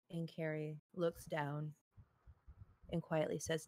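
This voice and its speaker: A woman narrating as game master, telling the story in a measured, storytelling manner. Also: on the low side, dry recording.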